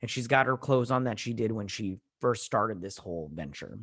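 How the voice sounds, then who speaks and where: A man's voice: fairly low pitch, expressive, normal speed, fairly bright tone, breathy edge. A man hosting a TV review channel, recapping an episode in a casual, rambling way with lots of fillers and restarts. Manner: heartfelt, saying he feels choked up.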